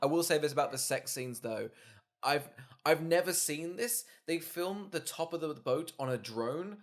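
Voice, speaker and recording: A man's voice: on the high side, animated, moderate pace. A man co-hosting a podcast, chatting casually about a film with wry asides and laughter. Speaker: podcast co-host. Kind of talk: casual comedic film chat.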